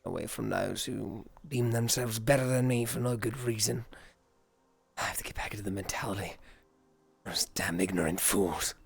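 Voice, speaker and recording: A man's voice: on the low side, normal speed, creaky, slightly rough, faint music behind, pitched below the performer's own voice. A man voicing a bitter, sarcastic young male magic student in a live roleplay, muttering with scorn and a put-on accent.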